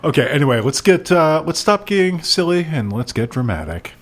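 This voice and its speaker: Animated man with jokey asides. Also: on the high side. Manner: jokey, quick asides and silly sound effects. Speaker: podcast co-host. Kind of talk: casual chat.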